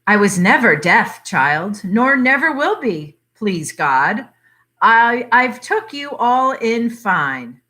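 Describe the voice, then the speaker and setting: A woman doing a cunning old country aunt who speaks in a soft, knowing dialect, her voice swooping with secret amusement. She talks unhurriedly and brightly, as if sharing a long-kept joke. Storybook reading. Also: on the high side, big pitch swings, slow pace, exaggerated voice. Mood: sly. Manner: knowing, chuckling, broad dialect.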